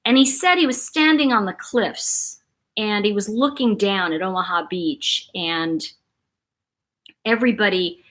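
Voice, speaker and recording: A woman's voice: mid-range voice, a little slow, fairly bright tone. A middle-aged woman hosting a casual livestream, talking in a rambling, chatty way and greeting viewers by name. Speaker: livestream host.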